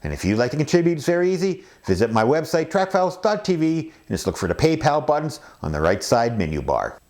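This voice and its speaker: A man's voice: a little high, very animated, quick pace, a little mellow. A man hosting his own hobby podcast, reading announcements and links in an upbeat, playful announcer manner. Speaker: podcast host. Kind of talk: scripted podcast narration.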